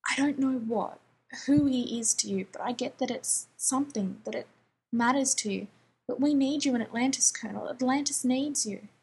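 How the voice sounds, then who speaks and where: A woman voicing an impatient, nervous male scientist who talks quickly and urgently. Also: sits high, gravelly, darkish tone, slightly rough, voice pushed up, heavily acted.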